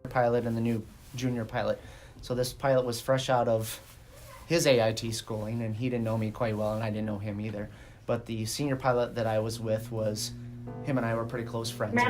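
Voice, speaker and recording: A man's voice: medium pitch, fairly quick. Man telling stories over guitar music. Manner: lively, acts out the voices in his story. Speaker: interviewee, Army veteran. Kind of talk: casual storytelling interview.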